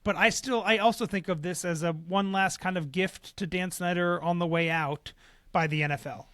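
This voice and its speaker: Measured man co-hosting, dry sound. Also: high voice, a bit bright, dry recording. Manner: measured, analytical, some hesitations. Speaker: podcast co-host. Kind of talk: casual sports business chat.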